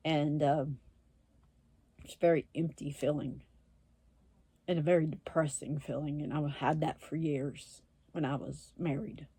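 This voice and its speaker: Blunt, foul-mouthed woman telling a story; low, dark voice, dry recording. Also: fairly even intonation, measured pace, pauses often, slightly rough, dry recording. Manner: blunt, swearing, laughing often, acts out quoted voices. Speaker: self-described witch and medium, vlogger. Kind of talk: casual storytelling to camera.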